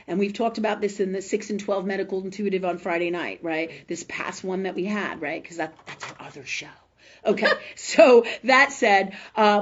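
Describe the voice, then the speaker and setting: A woman's voice: mid-range voice, muffled recording. A woman hosting a live spiritual talk forum, chatting casually with viewers in a blunt, rambling way, swearing freely and often asking "right?". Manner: rambling, with many fillers and tag questions.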